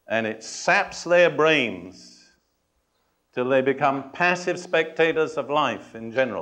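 A man preaching a sermon to a congregation. He speaks in a measured, emphatic way, puts questions and challenges to his listeners, and adds touches of dry humor. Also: medium pitch, a bit bright. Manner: addresses and challenges the congregation directly.

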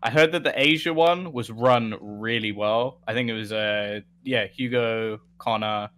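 Young man, esports caster, bright and forceful voice, animated storytelling, lots of restarts. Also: lowish voice, a little slow. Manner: animated anecdote telling with laughs and restarts. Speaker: esports caster, podcast guest. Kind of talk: casual podcast storytelling.

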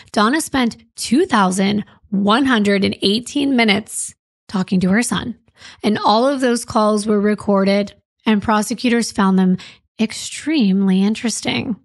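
A woman's voice: mid-range voice, no echo. Female true crime host, wry and sarcastic; dry, close recording. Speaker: podcast host. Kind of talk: true crime podcast narration.

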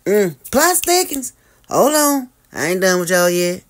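A host giving sassy gossip commentary, drawling and teasing, with sudden high squeals and long hums. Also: very animated, unhurried.

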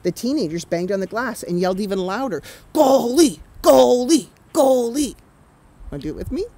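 A woman's voice: medium pitch, very fast, no room sound, low-quality recording. A woman from Canada, an author reading her picture book aloud with chatty asides to children. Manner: animated, chatty asides to young listeners. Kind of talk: children's storytime read-aloud.

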